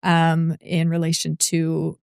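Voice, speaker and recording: A woman's voice: low voice, completely flat delivery, slow, vocal fry, a little mellow, smooth, dry recording. Woman explaining medication, dry sound. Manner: explanatory, many fillers. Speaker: nurse practitioner, podcast co-host. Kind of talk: casual medical podcast chat.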